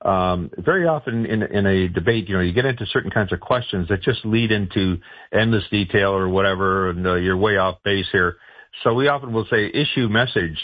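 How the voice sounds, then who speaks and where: A man's voice: sits low, a little fast, no echo, phone-quality sound. A man giving political advice in a radio interview, talking loosely with many fillers and restarts. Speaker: political strategist guest.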